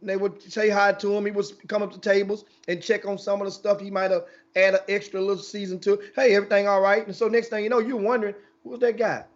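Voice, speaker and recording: A man's voice: sits high, fast talker, hardly any pauses, lo-fi sound. Rambling, storytelling male sports-talk host. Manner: rambling storyteller, animated, with many restarts.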